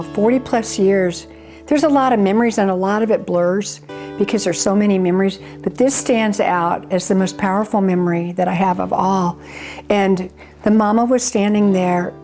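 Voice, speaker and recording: An older woman recounts her story in an earnest, loosely rambling way, often restarting her sentences. Her voice sits at an ordinary middle pitch, and there is faint music behind her. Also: a little mellow. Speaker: charity founder. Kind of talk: personal storytelling interview.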